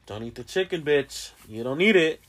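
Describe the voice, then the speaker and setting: A man's voice: a little high, animated, moderate pace, fairly bright tone. A man voicing a crude scolding grandma from heaven. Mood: mocking. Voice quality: crude, mocking.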